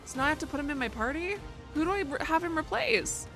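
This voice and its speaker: A young woman livestreams a game, reading its text aloud, cracking jokes and cursing as game music plays beneath her. Her voice is high-pitched and expressive, and she talks quickly. It's relaxed gaming commentary.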